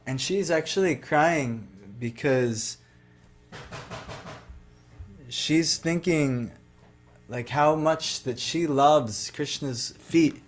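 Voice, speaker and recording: A man's voice: on the high side, slow, soft background music. A man giving a devotional talk, retelling a sacred story in a loose, conversational way full of "like" and "you know". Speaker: devotional speaker.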